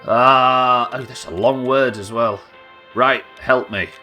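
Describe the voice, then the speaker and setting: A man's voice: medium pitch, slow, pushed and bright, faint music behind. A man streaming a game live, chatting with viewers in a wry, sweary, bantering way. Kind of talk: live gameplay commentary.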